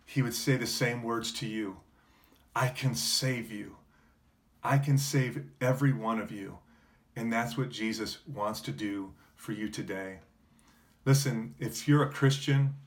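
A man preaching a sermon as pastor, earnest, with frequent fillers and restarts, building to emphatic peaks before dropping to a quiet close. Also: medium pitch.

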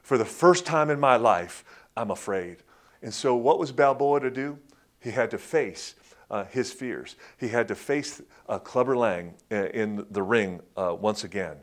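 A man preaching a sermon in a conversational way, with many fillers and restarts, who acts out quotes in a louder, higher voice. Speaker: pastor.

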